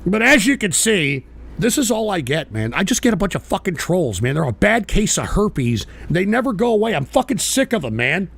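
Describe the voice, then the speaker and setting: A combative male host of a live political talk stream, cursing and barking back at trolls. His voice sits high and gravelly. It swings widely in pitch as he rants. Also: big pitch swings, moderate pace. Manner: profane, combative, shouts at trolls. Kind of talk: ranting live political commentary.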